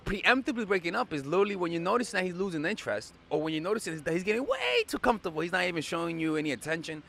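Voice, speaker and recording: A man's voice: a little high, sing-song, quick pace, creaky, fairly bright tone. Blunt, swearing male dating coach. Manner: blunt and profane, repeats himself for emphasis. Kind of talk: casual advice monologue.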